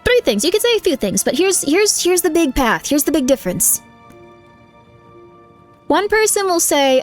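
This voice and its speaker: A woman's voice: high-pitched, animated, brisk, faint music behind. A woman streamer chatting casually with viewers, giving rambling, candid advice full of fillers while reacting to chat.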